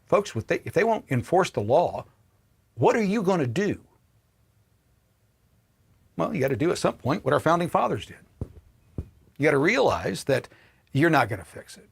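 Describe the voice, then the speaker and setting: A man hosting a political livestream, ranting with profanity and swinging between shouting and low muttering. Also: creaky. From Indiana, US. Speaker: political commentary host.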